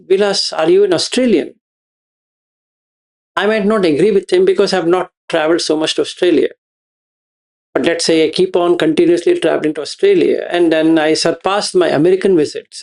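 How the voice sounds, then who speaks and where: A man, explaining a meditation teaching to students in a slow, repeating, questioning way. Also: a little high, darkish tone. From India. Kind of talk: dharma talk to students.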